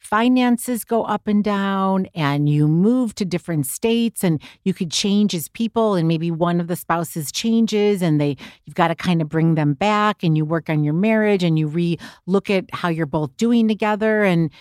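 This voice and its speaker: A woman's voice: on the low side, normal speed, hardly any pauses, a little mellow, no echo, studio quality. A middle-aged woman, a guest on her daughter's podcast, talking earnestly and affectionately. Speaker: guest, host's mother. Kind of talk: casual interview chat.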